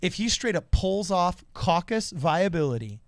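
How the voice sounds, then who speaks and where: A man's voice: sits high, big pitch swings, a little slow, no echo, clean studio sound. A man co-hosting a political talk show, explaining things casually and acting out quoted voices. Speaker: podcast co-host.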